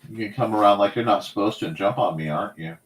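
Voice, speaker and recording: A man's voice: lowish voice, quick pace. A man hosting a casual live stream, chatting while he draws and talking to his cats in a sing-song voice. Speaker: host.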